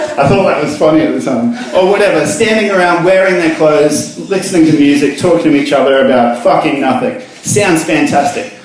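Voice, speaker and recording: A young man giving a crude, self-mocking comic reading of his own piece in a pub. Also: on the high side. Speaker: comic reader at a book launch. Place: pub function room, live audience. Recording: echoey pub room.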